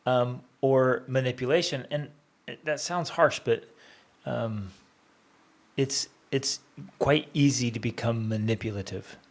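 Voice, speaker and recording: A man's voice: mid-range voice, a little slow. A man who is a guest on a podcast, talking casually, laughing easily and telling stories with animation.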